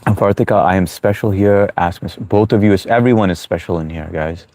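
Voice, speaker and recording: A man's voice: low voice, brisk, a little mellow. A man hosting a live stream in casual chat, reading viewer comments aloud and chatting with them in a laid-back, friendly way.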